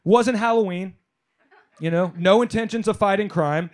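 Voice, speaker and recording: A man doing a stand-up comedy set on a club stage, telling animated stories, working the crowd and shouting some punchlines. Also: sits high, normal speed.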